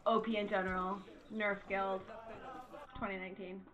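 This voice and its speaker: A woman streams a game live, reacting bluntly and swearing freely in her mid-pitched voice. A crowd murmur from the game hangs behind her. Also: flat delivery, muffled recording. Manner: blunt, swears often, quick reactive outbursts. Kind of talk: casual live gameplay commentary.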